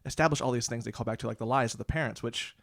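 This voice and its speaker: Excitable man, dry close sound. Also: mid-range voice, creaky, dry recording. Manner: excitable, rapid bursts, laughs loudly. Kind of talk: casual chat.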